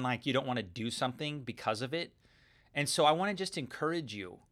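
A man with an average-pitched voice teaches scripture in a relaxed, earnest, conversational manner. He chuckles now and then and speaks like a podcast host to his listeners. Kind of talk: casual Bible teaching.

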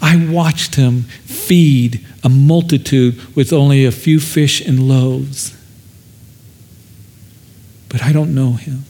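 A preacher acting out a frightened Peter in denial. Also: male voice, medium pitch, steady tone, slow pace, pauses often, warm tone. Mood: anguished insistence. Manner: pleading, insistent repetition. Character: the apostle Peter, a frightened grown man denying his teacher.

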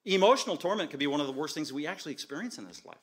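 Emphatic male preacher, slightly high voice. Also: big pitch swings, very fast, breathy edge. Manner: emphatic preaching with repeated short declarations. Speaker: pastor. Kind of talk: sermon.

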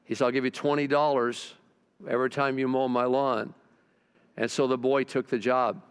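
An older man preaching a sermon as pastor, telling stories and asking the congregation questions, often dropping low and quiet for emphasis. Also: little pitch movement, moderate pace, clear, resonant tone.

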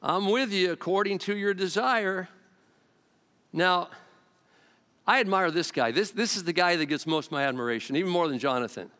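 Brief: male pastor, somewhat high voice, lively storyteller, big echoing hall. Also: normal speed. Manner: animated storytelling, acting out quotes in varied voices. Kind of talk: sermon. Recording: long hall reverb.

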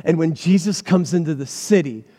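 A man preaching a sermon from a church stage, energetic and animated, firing rhetorical questions at his congregation. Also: on the high side, normal speed, big-room sound. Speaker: pastor.

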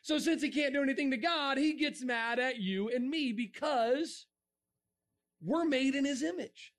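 A middle-aged man giving a lively creationist talk to a young audience, joking and asking the crowd questions. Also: very high voice, measured pace. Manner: animated, asks the crowd questions, jokes. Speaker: creationist speaker.

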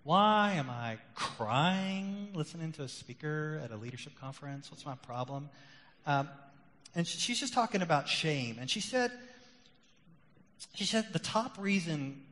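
A middle-aged male pastor preaching a sermon, rising loud and emphatic on key points, then dropping quiet and confessional. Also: a little high, lively intonation, unhurried. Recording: long hall reverb.

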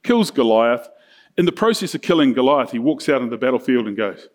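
A pastor preaches a sermon, casually telling a story and slipping into quick voices for its characters, his mid-range voice expressive.

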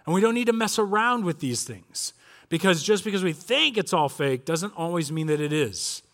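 Man, forties, pastor, high voice, sermon, animated storytelling, acts out voices. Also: moderate pace. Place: church.

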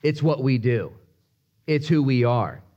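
A man preaching a sermon in an animated, conversational way, swinging between loud emphasis and hushed moments. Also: mid-range voice, unhurried, highs cut off. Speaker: pastor.

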